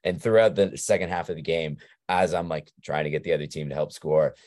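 A man hosting a podcast, telling a long, rambling anecdote in a casual, animated way with lots of filler words. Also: very deep voice, fairly quick, no echo, studio quality. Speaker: podcast host. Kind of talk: casual storytelling chat.

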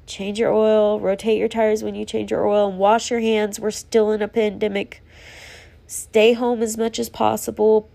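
A woman's voice: medium pitch, gravelly, warm tone. A woman hosting a solo podcast, talking in a rambling, earnest, self-reflective way and running out of breath. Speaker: podcast host. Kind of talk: solo casual podcast monologue.

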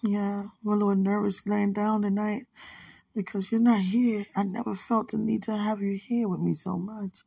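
Soft-spoken woman with a gravelly, husky voice, murmuring an intimate late-night phone message from bed. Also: medium pitch, fairly even intonation, normal speed, no echo. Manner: soft, hushed, rambling and affectionate, often religious. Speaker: partner leaving a voice message. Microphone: phone held close to the mouth.

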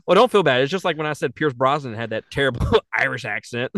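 A man's voice: mid-range voice, fast talker, no echo. Man, casual movie talk, laughs a lot, curses, dry close sound. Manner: laughing, profane, animated. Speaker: podcast co-host. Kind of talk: casual movie review chat.

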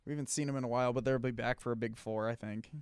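A relaxed man talking casually, laughing often as he lists his picks. His voice sits at an ordinary middle pitch. The sound is close-miked and dry, with no room around it. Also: very fast, clear, resonant tone, no room sound. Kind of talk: casual chat.

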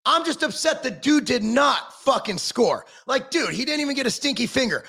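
Fired-up man ranting with gravelly voice. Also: extremely high pitch, expressive, normal speed, bright, forceful tone. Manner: heated, sarcastic, swearing constantly. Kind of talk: profane political rant.

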